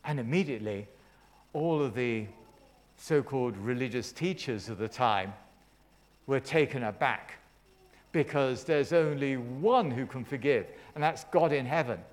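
A man's voice: mid-range voice, a little slow. A man preaching a sermon, retelling a story with dramatic flair and friendly asides to the congregation.

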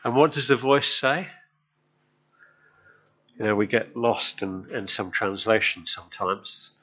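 A man's voice: fairly low pitch, a little slow, a bit bright, dull audio. A male preacher telling a story in a sermon, chatting with the congregation and often asking them questions.

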